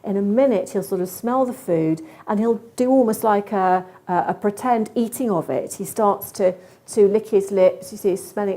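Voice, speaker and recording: A woman giving a lively, expressive conference talk about cat behaviour. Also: medium pitch, moderate pace. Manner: lively, expressive, acts out animal thoughts.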